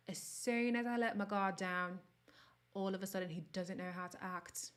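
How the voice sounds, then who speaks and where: A woman hosting a casual livestream, reading viewer comments and talking frankly, her voice jumping from loud outbursts to soft near-whispers. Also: medium pitch, steady tone, a little fast. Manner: candid and sassy, swings between loud bursts and near-whispers. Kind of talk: casual chat.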